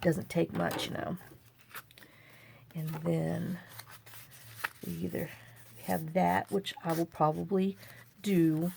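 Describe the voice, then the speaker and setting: A woman's voice: fairly low pitch, flat delivery, slow, vocal fry, long pauses, warm tone, a little hiss or hum. An older woman hosting a chatty crafting tutorial, rambling and talking to herself as she works at a home craft table. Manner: rambling, chatty, talks to herself while working.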